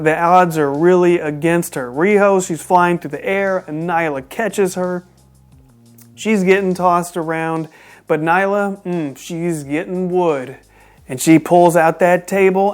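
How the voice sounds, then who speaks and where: A reviewer from Texas recapping a wrestling show in a casual commentary style, animated and incredulous, with joking asides. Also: mid-range voice.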